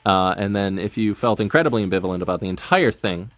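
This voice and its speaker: A man's voice: lowish voice, lively intonation, fast talker, fairly bright tone, no echo. A man giving casual, self-deprecating commentary over his own gameplay, rambling with lots of ums. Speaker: gaming video host.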